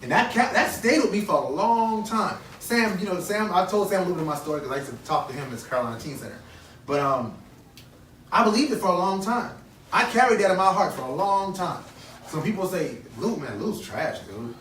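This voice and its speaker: Speaking quickly and with lots of animation, this thirtysomething motivational speaker has a high, somewhat bright voice. His earnest speech to kids at a conference repeats key phrases and poses questions to the crowd. The distant mic catches an echoey hall, faint ambience, and a bit of background noise.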